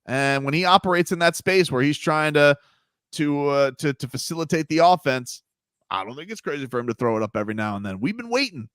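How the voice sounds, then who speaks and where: Give me a male sports radio host, emphatic and lively, with a dry close-mic sound. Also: a little high, brisk, clear, resonant tone, no room sound. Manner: animated, emphatic, jumps between loud and quiet. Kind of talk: sports talk radio chat.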